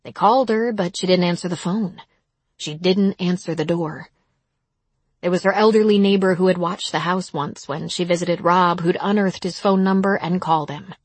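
A woman narrates a story in a measured, somber manner. Her voice is husky and sits low, and the recording is dry and close. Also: no echo. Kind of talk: audiobook narration.

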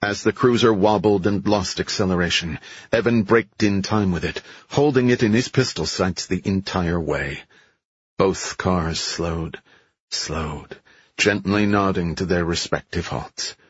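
A man reading a thriller audiobook in a measured, steady way. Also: sits low, slightly rough, dry recording, highs cut off. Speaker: audiobook narrator. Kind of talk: scripted narration.

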